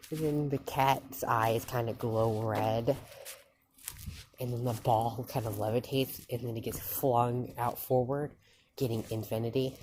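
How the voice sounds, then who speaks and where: A woman telling an improvised fan story in a halting, loose way, with quick quoted lines. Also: rumbling low, warm tone, slight background noise.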